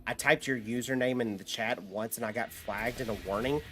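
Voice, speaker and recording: In a casual gaming live stream, a man talks back to his chat, rambles, and swears without restraint while he plays. His mid-range voice is brisk, bright, and forceful, with faint music in the background.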